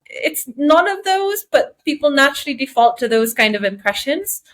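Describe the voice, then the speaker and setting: A woman from England co-hosting a podcast, chatting casually and pausing to search for her words. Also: high-pitched, sing-song, fairly bright tone. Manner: reflective, searching for words mid-sentence. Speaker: podcast co-host. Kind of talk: casual chat.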